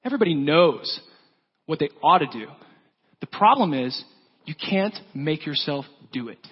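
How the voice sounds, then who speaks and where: Earnest preacher in an echoing hall. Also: male voice, fairly high pitch, big pitch swings, normal speed, slightly rough. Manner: storytelling, acts out quoted lines, earnest. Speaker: pastor. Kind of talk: sermon. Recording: dull lo-fi sound with long church reverb.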